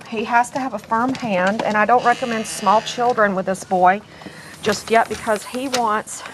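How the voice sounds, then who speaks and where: A woman's voice: medium pitch, background noise. A middle-aged woman, a dog breeder, narrating a casual home video in a chatty, rambling, affectionate way. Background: puppies squealing and playing.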